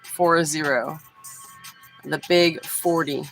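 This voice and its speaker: Texas lady in her 40s, low gravelly voice, laid back stream chat w/ faint music behind. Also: slow pace, low-quality recording. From Houston, Texas. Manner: relaxed, chatty, talks straight to chat. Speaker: livestream host. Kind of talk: casual livestream chat with viewers.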